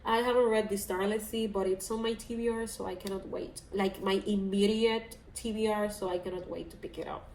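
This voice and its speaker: A woman's voice: mid-range voice, steady tone, a little fast, hardly any pauses, a little mellow. A woman chatting casually about favorite books, emotional and rambling, her talk full of "like" and "so yeah". She is recorded in an echoey room with a faint hiss behind her. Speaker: book vlogger. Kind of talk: casual chat.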